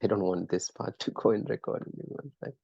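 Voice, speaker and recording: Gravelly low-voiced male lecturer. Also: fairly even intonation, fast, warm tone, no echo, muffled recording. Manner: conversational, quizzes students by name, encouraging. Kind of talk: live online class teaching.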